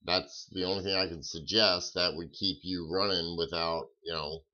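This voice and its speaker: A man's voice: sits low, steady tone, moderate pace, sharp tone. A man chatting casually on a live stream, drawling and folksy as he answers viewers' comments. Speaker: live-stream coin seller. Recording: dull lo-fi stream audio.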